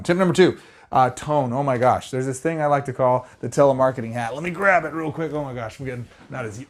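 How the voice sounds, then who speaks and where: A middle-aged man giving sales tips straight to the camera, energetic and conversational. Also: medium pitch. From Arizona. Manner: energetic, conversational, fast-talking. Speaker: sales trainer.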